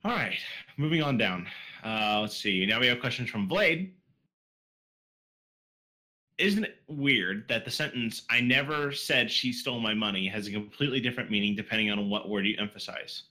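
A man's voice: lowish voice, normal speed, bright, forceful tone, poor audio. A man hosting a podcast, reading out listener questions in a loose, joking way. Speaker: podcast host. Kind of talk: casual chat.

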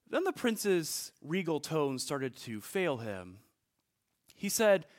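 A man's voice: a little high, very animated, slow. A male pastor preaching a sermon in a conversational, storytelling way, with asides to the congregation.

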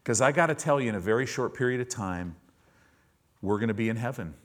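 Animated male pastor preaching. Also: mid-range voice, fast, slight background noise. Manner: animated storytelling, acting out quoted voices. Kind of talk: sermon. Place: church service with congregation responding.

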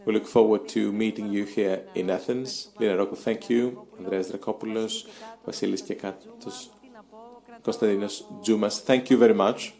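Low gravelly guy talking slow on a panel, lots of uhs and pauses. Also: steady tone, warm tone. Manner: halting, with many pauses and fillers. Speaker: panel discussion speaker. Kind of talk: live webcast panel discussion.

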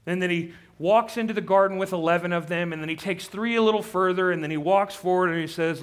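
A pastor preaches a sermon in a high, fast voice with few pauses. His delivery is impassioned, climbing to a pleading intensity and becoming near-shouted pleading when he quotes.

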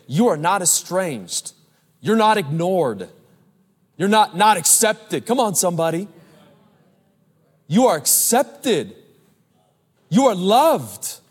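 A man in his thirties preaching a sermon as pastor, animated, telling stories and calling out to the congregation. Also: on the high side. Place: large church. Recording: live church hall with long reverb.

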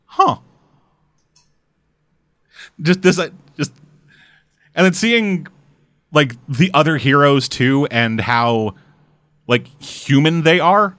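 A man co-hosts a loose chat and talks with an animated, swearing energy. He slips into quick mock voices as he goes. The sound is dry and close, with no room around him. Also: mid-range voice, no room sound. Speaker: podcast co-host. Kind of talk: casual chat.

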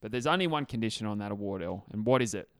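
A man's voice: lowish voice, lively intonation, rapid-fire, clean tone, no echo, studio quality. A man co-hosting a casual sports podcast, bantering and joking with his co-host. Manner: jokey, banter-filled.

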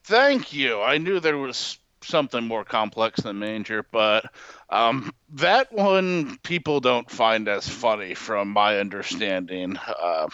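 A man's voice: on the low side, expressive, slow, fairly bright tone, clear, resonant tone, no echo, dull audio. A man from the northeastern United States co-hosting a podcast, joking crudely with plenty of swearing and loose, rambling talk. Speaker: podcast co-host. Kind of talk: casual podcast chat. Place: remote call line, dry, music underneath.

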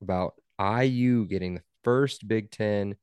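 A man's voice: on the low side, measured pace, darkish tone, clean tone, no echo. A young man hosting a casual sports podcast, talking in a wry, teasing way. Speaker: podcast host.

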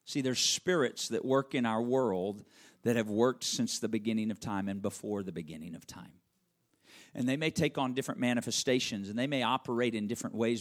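A man preaching a sermon in a dramatic way, swinging from loud stretches to hushed ones. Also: mid-range voice, brisk. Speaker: pastor.

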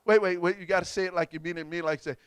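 A man preaching a call-and-response sermon, prompting the congregation and bursting into shouts. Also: high-pitched, fairly even intonation, very fast, clear, resonant tone, no room sound, studio quality.

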